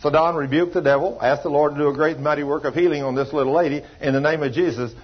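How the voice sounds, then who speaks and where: A man's voice: a little high, fairly even intonation, fast, breathy edge, dull audio. Folksy preacher man telling stories. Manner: storytelling preacher acting out dialogue in a folksy drawl. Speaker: pastor. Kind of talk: sermon.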